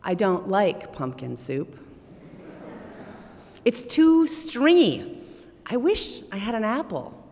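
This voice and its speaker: A woman's voice: mid-range voice, sing-song, unhurried, a little mellow, a little hiss or hum, voice pushed up. A woman voicing a simple, hardworking old farmer in a storybook tale, exclaiming and wondering. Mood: grumbling. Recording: long hall reverb.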